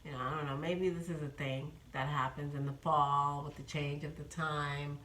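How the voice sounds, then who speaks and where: A woman's voice: low-pitched, flat delivery, moderate pace, a bit bright, echoey room, poor audio. A woman in her fifties from New York, chatting casually in a rambling vlog update with many ums. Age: 50s. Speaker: vlogger.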